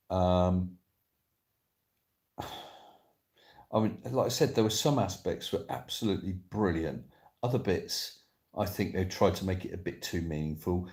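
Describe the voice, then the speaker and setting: A man's voice: low voice, a little mellow. A man hosting a casual live stream from his sofa at home, rambling about films as he reads viewers' comments aloud and answers them.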